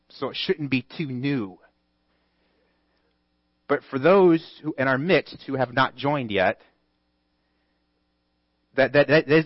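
A man preaching a sermon as pastor, earnest and emphatic, reading scripture aloud with deliberate pauses. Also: a little high, dry recording, dull audio.

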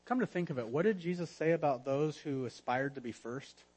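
A man preaching a sermon in an earnest manner, often dropping to a hushed voice for emphasis. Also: a little high, fairly quick, husky, rough recording. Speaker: pastor.

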